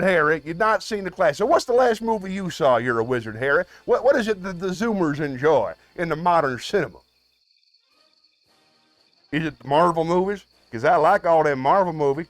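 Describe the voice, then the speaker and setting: A man hosting a live stream, chatting with his viewers in a playful way, swinging between loud outbursts and low mutters. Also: no echo. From United States.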